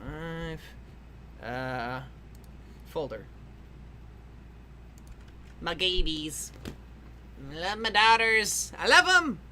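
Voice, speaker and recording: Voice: mid-range voice, very animated, very slow, long pauses, bright, forceful tone, a little hiss or hum. A livestreaming artist chatting casually while drawing, rambling and laughing, with frequent swearing and restarts. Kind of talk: casual rambling stream chat.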